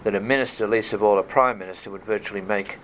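A man hosting an event and moderating questions, asking in a halting, thoughtful way. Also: fairly low pitch, steady tone, fairly bright tone, slight background noise, low-quality recording.

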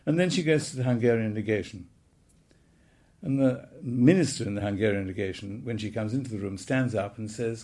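A man's voice: mid-range voice, fairly quick, mellow. A man in his eighties recounting childhood memories in a wry, anecdotal storytelling manner. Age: 80s. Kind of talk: reminiscing talk.

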